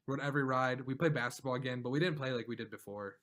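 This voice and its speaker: A man's voice: medium pitch, fast, a bit bright. A man co-hosting a casual podcast, telling a long, rambling story with frequent laughs and lots of "like". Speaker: podcast co-host. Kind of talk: casual chat.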